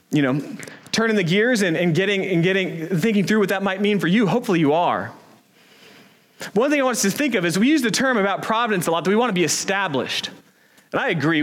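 A man's voice: a little high, a bit bright. A man preaching a sermon as pastor, earnest and emphatic, with rhetorical questions.

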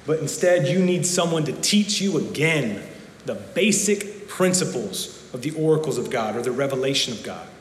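A man's voice: medium pitch, lively intonation, moderate pace, slight background noise. Man preaching in an echoey church. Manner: earnest preaching with frequent repeated words. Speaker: pastor. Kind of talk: sermon. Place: church sanctuary. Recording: echoey church hall with long reverb.

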